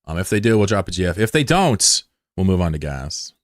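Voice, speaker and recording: A man's voice: low-pitched, big pitch swings, fairly quick, no room sound, studio quality. A man streaming a game, chatting casually with viewers in a joking, laid-back, profane way.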